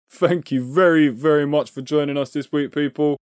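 Brief: a man co-hosting a podcast, fairly high voice, quick laughing reactions, dry sound. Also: darkish tone, smooth, no room sound. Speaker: podcast co-host. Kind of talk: casual chat.

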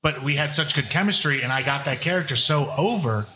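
A man's voice: fairly high pitch, fairly quick, sharp tone. A man chatting casually as a radio guest, swearing often and laughing as he tells stories. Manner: swears a lot, laughs while telling stories. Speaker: guest, former wrestler. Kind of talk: casual chat.

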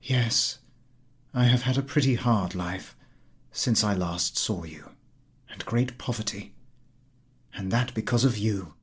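A man's voice: lowish voice, slow pace, pauses often, husky. A man reading a story, voicing a worn working woman hardened by poverty, who speaks plainly and earnestly.

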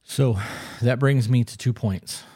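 A man's voice: mid-range voice, measured pace, mellow, slightly rough. A man co-hosting a casual podcast conversation, talking in a blunt, emphatic way with frequent swearing. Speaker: podcast co-host.

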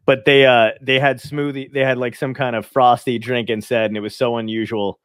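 Here the comedian's pitch sits in the middle and barely moves, his pace is a little quick, and his tone is fairly bright, clear and resonant, with no room sound. Brooklyn-based and New Jersey-raised, he spins stories on a casual, swear-heavy podcast, mimicking the people he quotes.

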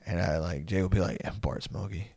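A man's voice: low voice, steady tone, quick pace, gravelly, a little mellow, no room sound. A young man chatting casually, telling rambling stories full of swearing, laughing often and putting on voices for the people he quotes. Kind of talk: casual chat.

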